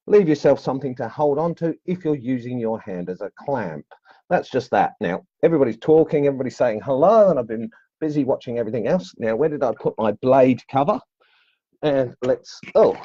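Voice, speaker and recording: A man's voice: mid-range voice, darkish tone, muffled recording. A man demonstrating woodcarving on a live stream, chatting casually and greeting viewers as he works. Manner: chatty and upbeat, greets viewers while carving.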